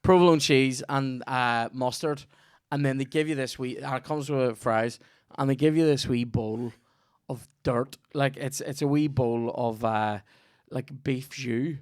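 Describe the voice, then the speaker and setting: A man's voice: medium pitch, unhurried, hardly any pauses, clear, resonant tone, no room sound, clean studio sound. A man with a Northern Irish accent hosting a comedy podcast, rambling through a sweary, jokey ad read.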